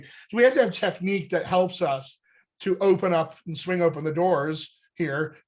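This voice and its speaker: A man from the United States who coaches voice and dialect, explaining accent technique in an energetic, conversational way and checking in with "all right?". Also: high-pitched, normal speed. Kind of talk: coaching talk on a group call.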